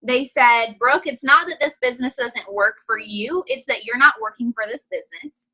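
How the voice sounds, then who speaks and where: A woman's voice: on the high side, moderate pace, breathy edge, poor audio. A young woman giving a casual, upbeat training talk over a video call, chatty and full of "you know". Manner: breaks off to quiet her child. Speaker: guest trainer.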